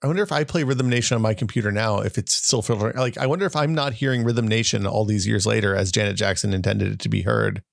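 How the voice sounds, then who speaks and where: A man's voice: on the low side, fast talker, gravelly, hardly any pauses, dry recording, studio quality. A man co-hosting a tech podcast, chatting casually and explaining things with jokes and tangents. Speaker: podcast co-host. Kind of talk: casual chat.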